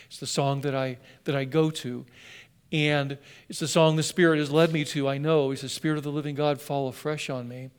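Man, preacher, sermon, impassioned, loud-to-hushed delivery, somewhat high voice. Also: clear, resonant tone. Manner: impassioned storytelling, swings between loud and hushed.

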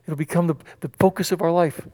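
Animated preacher in a reverberant hall. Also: male voice, a little high, fast. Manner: animated, acts out quoted voices, many restarts. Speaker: pastor. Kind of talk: sermon.

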